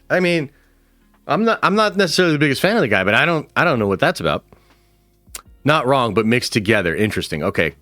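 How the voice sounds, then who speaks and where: Animated man hosting a livestream. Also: medium pitch, brisk, dry recording, faint music behind. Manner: casual, animated, swears freely. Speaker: streamer host. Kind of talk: livestream commentary with chat.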